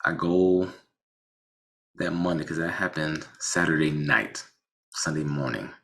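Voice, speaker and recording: A man with a bass voice, speaking a little slowly, relates a car accident from his own life in a casual, animated way. He restarts himself often and doesn't hold back on the swearing.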